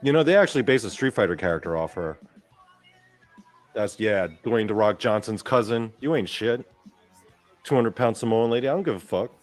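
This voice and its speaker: A male host giving rambling, profane, excitable commentary over wrestling footage. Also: on the low side, moderate pace, pauses often, faint music behind.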